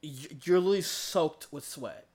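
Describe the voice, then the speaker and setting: A man's voice: on the high side, expressive, normal speed, a little mellow. A man who works as an emergency room nurse, talking in a rambling, profane, casual way about his shifts. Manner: rambling, profane, many fillers. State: tired. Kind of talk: casual podcast chat.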